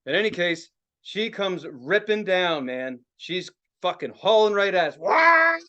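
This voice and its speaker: Guy with a pretty high voice cussing up a storm, riled up podcast storytelling. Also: unhurried, clear, resonant tone, highs cut off. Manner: profane, excitable, acts out other people's reactions. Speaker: podcast co-host. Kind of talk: casual storytelling chat.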